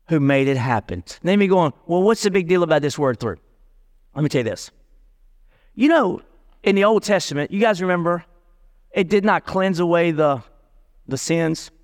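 A man preaching from the pulpit in a loose, joking, slang-filled way. His voice sits a little high, and a long hall reverb rings after his words. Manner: lively, casual street-talk preaching with jokes. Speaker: pastor. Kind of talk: sermon.

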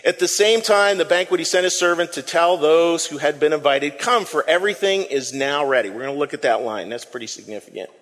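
Animated high-voiced preacher in a reverberant hall. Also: male voice, a little fast, few pauses. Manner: animated, storytelling with acted quotes and asides. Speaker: pastor. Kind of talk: sermon.

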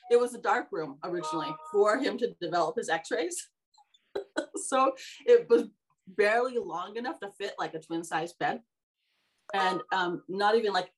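A woman hosts a casual podcast and tells stories from her own life. She wanders off track, restarts her sentences and laughs often. Her pitch sits in the ordinary middle range for a woman. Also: rough recording. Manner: rambling, self-correcting, laughs often. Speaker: podcast host. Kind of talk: casual storytelling.

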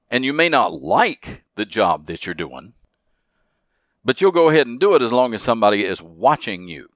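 A man's voice: lowish voice, fairly bright tone, no echo, clean studio sound. Emphatic man hosting a motivational podcast. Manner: earnest, emphatic, repeats key phrases. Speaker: podcast host. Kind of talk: motivational solo podcast talk.

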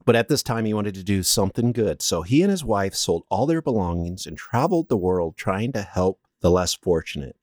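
A man with a low voice talks through a story from his notes in a casual podcast chat. He reads steadily but stumbles and restarts now and then. The sound is close and dry. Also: sing-song, a little fast, hardly any pauses, darkish tone, no room sound. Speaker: podcast co-host presenting the story.

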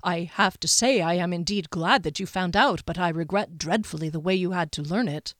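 Earnest, hesitant young male knight, voiced by a woman narrator; gentle, slow, dry recording. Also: fairly low pitch, dry recording, close to an everyday voice.

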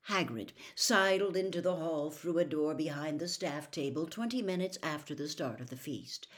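A woman narrating a children's novel aloud in a slow, expressive read-aloud style. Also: deep voice. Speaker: storyteller. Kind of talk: audiobook narration.

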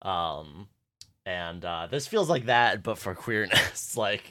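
A man's voice: sits low, animated, slow pace, pushed and bright, no room sound, studio quality. A young man co-hosting a fan podcast in casual chat, hesitant and thinking aloud. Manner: hesitant, many fillers and restarts. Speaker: podcast co-host.

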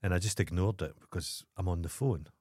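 A man's voice: sits low, fairly quick, a little mellow, husky, dry recording, clean studio sound. A middle-aged man with a Scottish accent, co-hosting a podcast, telling stories bluntly and grumpily with lots of swearing. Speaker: podcast co-host. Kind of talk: casual chat.

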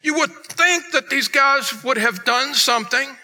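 Bright, high-pitched preaching man. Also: measured pace, soft background music. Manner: emphatic preaching, swings between loud and hushed. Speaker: pastor. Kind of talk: sermon.

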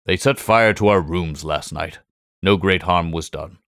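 A brilliant middle-aged detective, read by a man, speaks calmly and with measured, faintly superior poise. The voice sits very low. The sound is dry and close, with no room around it. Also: no echo. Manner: calm, measured, quietly superior. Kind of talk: audiobook character voice.

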